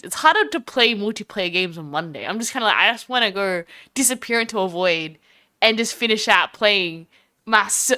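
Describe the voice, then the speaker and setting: A woman's voice: medium pitch, bright, forceful tone, clean tone. A young Australian woman chatting casually and bubbly on a live stream, rambling and giggling between thoughts.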